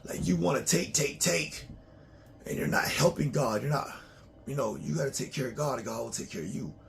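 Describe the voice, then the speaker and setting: A man's voice: medium pitch, lively intonation, brisk, vocal fry. A man talking casually in a loose, profane, rambling monologue to his own channel, often breaking into laughs. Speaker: vlogger.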